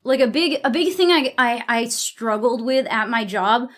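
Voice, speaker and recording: A young woman streamer with a high voice talks to her chat in a loose, rambling way. She is blunt and swears freely, often cutting herself off to restart a thought. She grew up on the US East Coast. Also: lively intonation, moderate pace, a bit bright. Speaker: livestreamer. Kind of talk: casual chat to stream viewers.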